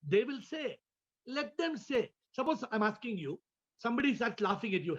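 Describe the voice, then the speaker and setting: Man, high voice, spiritual teacher, rhetorical questions, muffled video-call sound. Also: sing-song, normal speed. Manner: repeats words, asks listeners rhetorical questions. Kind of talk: question-and-answer discourse.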